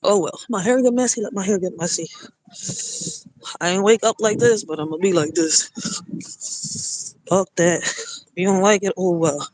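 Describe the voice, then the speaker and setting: A woman's voice: mid-range voice, normal speed, pauses often, a little mellow, no room sound, poor audio. Chatty woman livestreaming outdoors. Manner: loose, chatty and profane, addressing viewers directly. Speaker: single mother livestreaming to viewers. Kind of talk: casual livestream chat while walking. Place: outdoors on a cold city street. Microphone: phone livestream.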